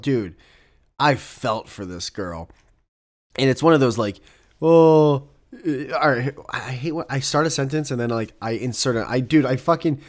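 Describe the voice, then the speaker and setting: A young man hosting his own podcast alone, talking casually in a rambling, profane way that keeps breaking off into asides. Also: medium pitch. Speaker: podcast host. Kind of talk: casual solo podcast monologue.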